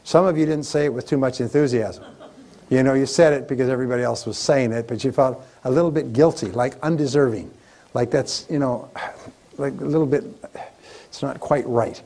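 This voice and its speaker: A man speaking at a live motivational seminar, in a voice of ordinary middle pitch. He talks with emphasis and keeps hammering home the same phrases. He leads the audience in repeating them back to him. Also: a little fast, mellow. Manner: emphatic and repetitive, leading the audience in chants.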